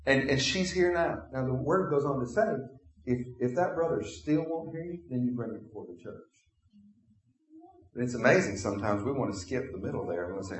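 Male pastor, conversational sermon delivery, mid-pitched voice, reverberant sanctuary sound. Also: brisk. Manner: acts out imagined dialogues with congregation.

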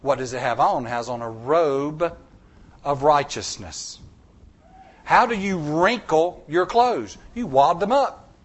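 A man's voice: a little high, lively intonation, slow. A man preaching a sermon in a church, emphatic and repetitive, with folksy jokes.

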